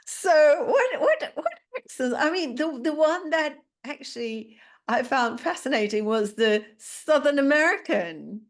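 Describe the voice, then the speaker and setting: A woman hosts a relaxed interview podcast and laughs often between her thoughts. She speaks slowly, and her pitch moves around a lot as she talks. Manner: laughs often, restarts phrases. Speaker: podcast host. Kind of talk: casual interview chat.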